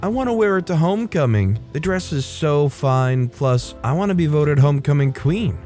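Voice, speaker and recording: A man's voice: a little high, expressive, normal speed, a little mellow, faint music behind, pitched above the performer's own voice, lightly acted. A man voicing a selfish, bratty teenage stepsister who whines and wheedles. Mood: pleading. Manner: whiny, wheedling, dismissive.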